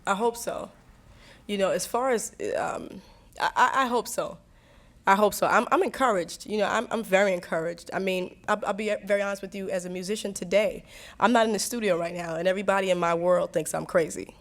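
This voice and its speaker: A young woman answering students' questions in a candid talk, animated and laughing, acting out quotes as she tells stories. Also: medium pitch, fairly quick. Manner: animated storytelling, acts out quotes; warm, frequent laughs and restarts.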